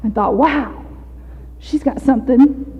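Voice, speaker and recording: A woman telling her own story at a recovery meeting, candid and halting, with laughter slipping in. Her voice sits a little high yet sounds mellow. It carries a long hall reverb over a dull, muffled recording. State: out of breath. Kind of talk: personal testimony.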